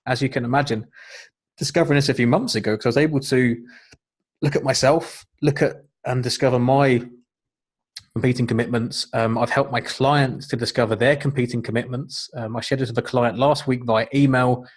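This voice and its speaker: A man's voice: medium pitch, fairly even intonation, brisk, slightly rough. A middle-aged man, a life coach, giving an earnest, encouraging webinar talk with frequent fillers. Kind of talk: webinar presentation.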